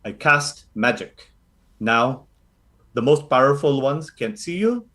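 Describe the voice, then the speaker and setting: Man voicing a old Filipino grandmother, Filipino accent, broken English, clucking and motherly, lively swooping pitch. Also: slow. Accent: Filipino English, put on. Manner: broken English, clucking, calls everyone honey. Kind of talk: tabletop role-play voice acting.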